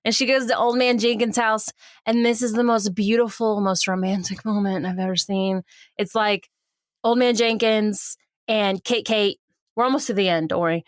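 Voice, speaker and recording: A woman's voice: medium pitch, normal speed, no room sound, clean studio sound. A woman co-hosting a podcast, a bit tipsy, recapping a movie in casual chat and acting out characters' lines with lots of laughter. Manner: lively retelling that acts out characters' lines, laughing often. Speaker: podcast co-host.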